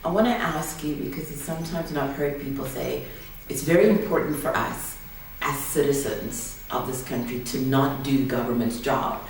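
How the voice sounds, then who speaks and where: Deep-voiced woman interviewer. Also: moderate pace, creaky, a little hiss or hum. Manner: earnest, heartfelt questioning. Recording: roomy sound from a distant mic.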